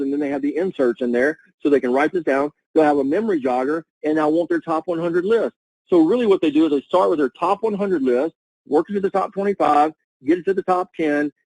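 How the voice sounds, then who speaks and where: A man giving an energetic, repetitive coaching talk to a sales team over a webinar. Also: fairly high pitch, no room sound, rough recording. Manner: energetic, coaching, repeats himself.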